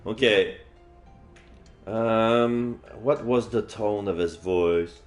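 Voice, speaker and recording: A man's voice: on the low side, extremely slow, faint music behind. A man streaming a game live, commenting with wry, joking asides.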